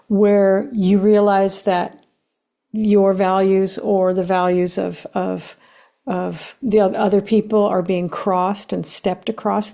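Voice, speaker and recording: A woman's voice: medium pitch, gravelly, dark tone. A woman hosting a solo podcast lesson about emotions, speaking emphatically, stacking lists of words, and laughing lightly between points.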